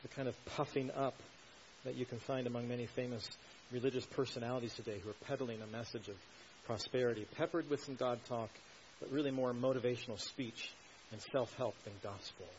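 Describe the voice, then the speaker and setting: A man preaching an expository sermon, stressing key words loudly and asking rhetorical questions. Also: mid-range voice, fairly even intonation, brisk. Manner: emphatic, swells to loud stresses, asks rhetorical questions. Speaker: pastor. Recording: dull lo-fi recording with faint hiss.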